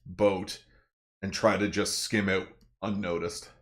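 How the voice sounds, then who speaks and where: A man playing a tabletop game, relaxed and a little hesitant in his speech. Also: deep voice, slow pace. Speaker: player. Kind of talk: casual tabletop role-play.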